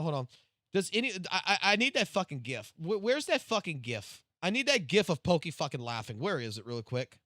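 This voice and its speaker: A high, bright male streamer talks in a lively, swooping voice. He rambles through a profane late-night rant, restarting sentences as he goes, in a dry, close sound. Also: no room sound. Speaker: live streamer.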